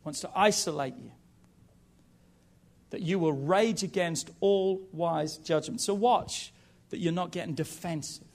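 High-voiced preacher in his thirties. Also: measured pace. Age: 30s. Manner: lively, jokey asides to the congregation. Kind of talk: sermon.

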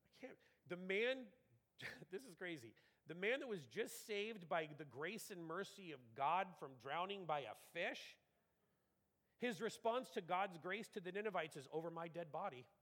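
A man preaching in an animated, conversational manner, with a fairly high voice. He acts out the quotes within his sermon, and the long reverb of a church hall trails behind every phrase. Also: measured pace.

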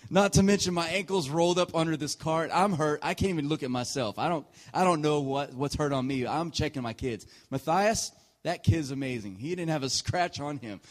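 Animated preacher telling a family story. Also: male voice, fairly high pitch, normal speed. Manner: animated storyteller, often laughing mid-sentence; swings between hushed asides and loud punchlines. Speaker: pastor. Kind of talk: sermon with personal story.

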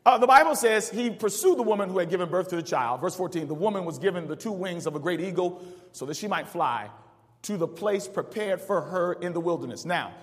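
A male pastor preaching a call-and-response sermon, reading verses aloud and pausing for the congregation to fill in the words. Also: sits high, expressive, big-room sound. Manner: preaches with rising call-outs and asks the congregation to finish verses.

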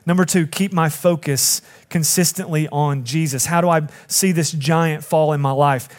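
A man's voice: fairly high pitch, fairly even intonation, moderate pace. A middle-aged man preaching a sermon, earnest and building to emphatic appeals to the congregation. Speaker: pastor.

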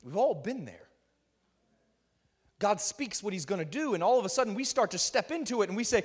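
Male preacher, emphatic sermon delivery with shouted peaks; high, bright voice in a reverberant hall. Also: lively intonation, brisk, pauses often, breathy edge.

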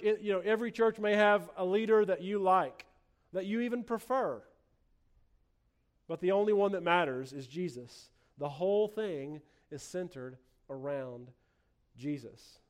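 A male pastor with a notably high voice preaches a sermon. He talks earnestly, often restarting phrases with repeated words. He acts out sarcastic quotes along the way.

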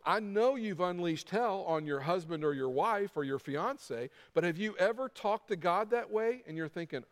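A middle-aged pastor preaches to his congregation, hammering points home through repetition and acting out little quoted lines. His voice sits high for a man. A long reverb from a large hall trails each phrase. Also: lively intonation, moderate pace, few pauses. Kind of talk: sermon.

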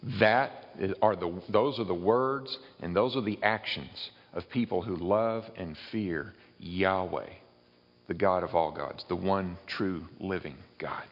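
Low-voiced preacher in an echoey hall. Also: male voice, slow, dull audio. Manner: expository preaching, reading verses aloud. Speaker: pastor. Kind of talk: sermon.

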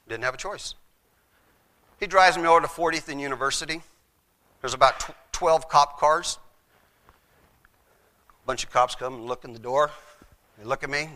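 A man's voice: a little high, normal speed, pauses often, sharp tone. A middle-aged man, a former chaplain, telling his faith testimony in an earnest storytelling way and acting out the voices in his story.

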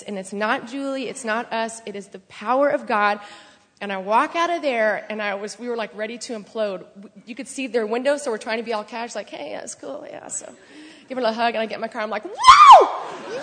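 A woman excitedly telling a testimony story in church, laughing and shouting at times. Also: on the high side, quick pace. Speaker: church member sharing a testimony. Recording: long hall reverb.

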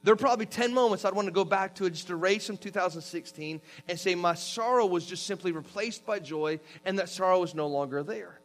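A man's voice: sits high, fairly quick, hardly any pauses. A man preaching a sermon, reading scripture aloud and walking listeners through the verses in an earnest, instructive way. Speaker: pastor.

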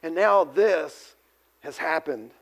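Male pastor, high-pitched, animated storytelling sermon with audience call-outs. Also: slow, vocal fry. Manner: animated storytelling, acts out quotes, asks the audience.

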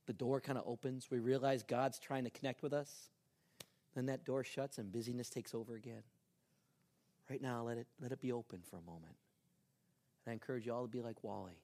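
A man preaching a sermon as pastor, telling a story with lively ups and downs and soft, earnest appeals. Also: mid-range voice, brisk, long pauses.

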